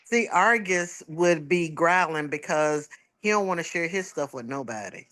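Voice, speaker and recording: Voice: medium pitch, animated, fairly bright tone. A podcast co-host in casual chat, agreeing often and telling stories at length. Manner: chatty, agreeable, drawn-out storytelling.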